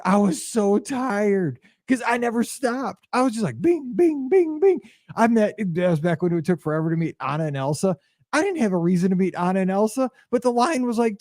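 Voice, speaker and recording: Middle-aged male podcast co-host; lively, acts out quotes; slightly high pitch, dry booth sound. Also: no echo. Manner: animated storyteller, acts out quotes. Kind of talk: casual chat.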